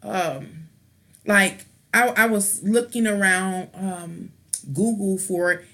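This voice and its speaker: A woman's voice: mid-range voice, steady tone, takes it slowly, a bit bright. A woman, a mother, hosting a live stream and ranting in a blunt, rambling way, irritated, with restarts and casual slang. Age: adult with children. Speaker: tarot live-stream host.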